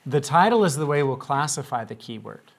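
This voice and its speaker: A man's voice: a little high, lively intonation, a little fast, creaky. A man teaching a grammar lesson to young students, patiently asking questions and coaxing answers.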